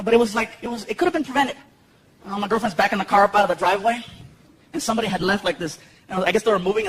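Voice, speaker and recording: A man in his thirties doing stand-up comedy on a stage, telling stories and acting out characters with high shouting voices. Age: 30s. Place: comedy venue stage with live audience. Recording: noisy live show recording.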